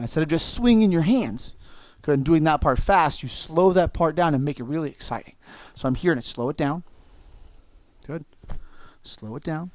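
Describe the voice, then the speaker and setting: A man teaching an online kids' martial arts class, calling out moves, counting and encouraging the students. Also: a little high. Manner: coaching, encouraging, calls out moves and kiai shouts.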